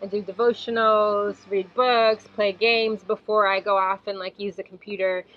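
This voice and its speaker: A young woman, a mother, telling a personal story in a gentle, reflective way, later reading a prayer. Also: medium pitch, flat delivery, moderate pace. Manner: gentle, reflective, with soft fillers. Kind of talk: casual storytelling monologue. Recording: slightly dull, faint background hiss.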